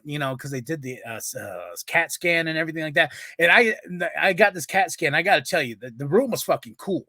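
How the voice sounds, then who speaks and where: A man's voice: on the high side, animated, fairly quick, bright, forceful tone, no room sound. A man hosting his podcast, telling a story in a rambling, profane way with many restarts. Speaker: podcast host. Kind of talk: casual storytelling.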